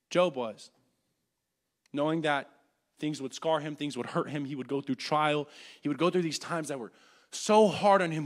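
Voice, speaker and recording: Earnest young man preaching, swinging loud and hushed. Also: high voice. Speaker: church class teacher. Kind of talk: sermon. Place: church classroom.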